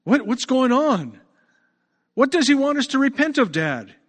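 A man's voice: extremely high pitch, big pitch swings, a little slow, voice pushed up, full character voice. A preacher voicing a curious young boy who eagerly questions his father. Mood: puzzled. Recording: long reverb.

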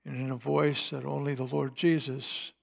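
A man preaching a sermon, retelling a scripture scene dramatically, swinging between hushed and emphatic delivery. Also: mid-range voice, flat delivery, normal speed, vocal fry. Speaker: pastor.

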